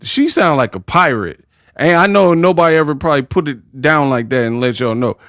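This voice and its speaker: A man hosting a boxing livestream, ranting in an animated, mocking, slangy way. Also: a little high, brisk, no echo, clean studio sound. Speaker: boxing commentary livestream host. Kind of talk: casual livestream rant.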